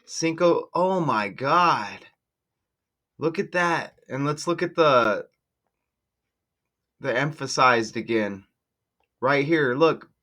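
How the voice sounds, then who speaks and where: Excitable man talking to his viewers. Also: medium pitch, takes it slowly, long pauses. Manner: excitable, exclaims often, talks to viewers directly. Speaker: channel host decoding news numbers. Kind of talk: casual screen-share commentary.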